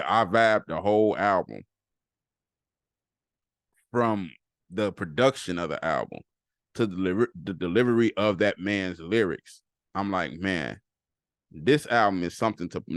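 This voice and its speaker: A man's voice: on the low side, dry recording, clean studio sound. A man hosting a casual solo podcast, talking loosely and repeating phrases for emphasis. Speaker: podcast host.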